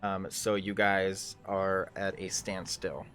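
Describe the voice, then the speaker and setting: A man's voice: low voice, completely flat delivery, slow, a bit bright, faint music behind. Rambling man running a tabletop game. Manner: rambling, full of ums and restarts. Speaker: game master. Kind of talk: casual narration of a tabletop game on a livestream.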